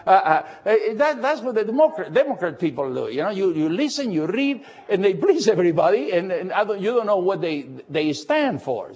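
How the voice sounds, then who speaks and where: A man preaching a Bible study, lively and emphatic, full of fillers and questions to his listeners. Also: a little high, breathy edge, highs cut off. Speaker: pastor. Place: church, recorded for radio.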